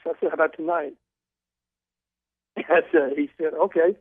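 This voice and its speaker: An older man, a guest author, tells animated stories in a phone interview, stumbling over his own restarts. His slightly high, breathy voice comes a little slow through a narrow, tinny telephone line with no room sound.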